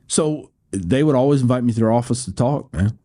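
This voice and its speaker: A man's voice: medium pitch, expressive, fairly quick, warm tone. An American man in his sixties, a podcast guest who tells his story in a rambling way, laughing often and restarting phrases. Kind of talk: storytelling interview.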